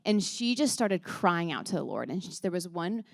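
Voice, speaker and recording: A woman's voice: fairly low pitch, very animated, moderate pace, vocal fry, dry recording. Chatty, earnest woman with a dry sound. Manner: chatty and earnest, with many restarts and laughs. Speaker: speaker at a church moms' gathering. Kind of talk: casual talk to a women's group.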